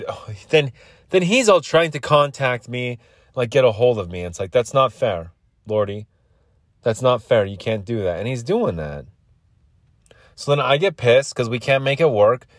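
A man's voice: mid-range voice, dry recording, clean studio sound. Rambling, crude man with the hiccups. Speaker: podcast host. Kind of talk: rambling solo podcast monologue.

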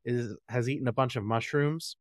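A man's voice: medium pitch, normal speed, no room sound. A man co-hosting a podcast in casual chat, a joking, rambling storyteller on a close mic. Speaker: podcast co-host.

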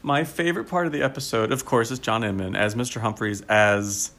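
A man co-hosting a podcast in casual chat, animated and enthusiastic, laughing often and using a lot of fillers. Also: mid-range voice, fairly quick. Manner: frequent fillers such as "like". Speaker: podcast co-host.

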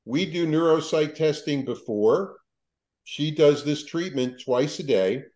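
Animated male psychologist telling a story. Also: a little high, measured pace, low-quality recording. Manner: lively, quotes people, restarts sentences. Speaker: psychologist, podcast guest.

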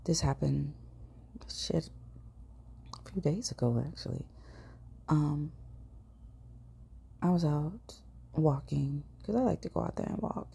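Low, gravelly woman telling a story. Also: takes it slowly, long pauses, warm tone. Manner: chatty, swears casually, drops into whispers. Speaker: podcast host. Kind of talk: casual storytelling monologue.

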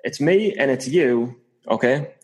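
A man with a middle-pitched voice chats on a podcast, hamming up his confessions with playful, theatrical weight. He talks loosely, with repeats and restarts. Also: lively intonation, measured pace, slightly rough, low-quality recording. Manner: playful, mock-dramatic confessions. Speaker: podcast co-host. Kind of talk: casual chat.

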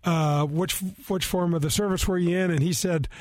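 Rambling man in his fifties, fairly high voice. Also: fairly even intonation, moderate pace, darkish tone, no room sound. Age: 50s. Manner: rambling, self-mocking, many fillers and restarts. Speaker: co-host, former golfer. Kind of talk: casual storytelling chat.

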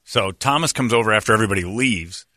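A man hosting a morning radio show, telling a story in a casual, animated way with frequent laughter. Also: on the low side, quick pace, no room sound, studio quality.

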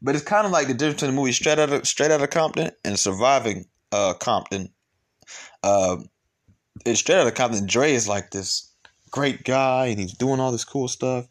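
A man's voice: mid-range voice, moderate pace. A man hosting casual reaction commentary, talking loosely in slang with laughing asides. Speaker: commentary host.

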